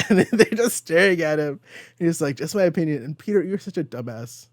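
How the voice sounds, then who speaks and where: A young man hosting a casual comic book podcast, giggly and animated as he recaps pages and quotes the dialogue. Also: on the high side, fairly quick, no echo, clean studio sound. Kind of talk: casual chat.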